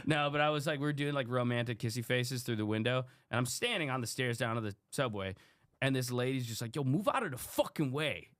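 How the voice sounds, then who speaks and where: A man's voice: mid-range voice, fast, clear, resonant tone, no echo, clean studio sound. A man on a podcast, telling a street story casually and acting out the people in it. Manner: animated, acts out the people in his stories. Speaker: podcast guest.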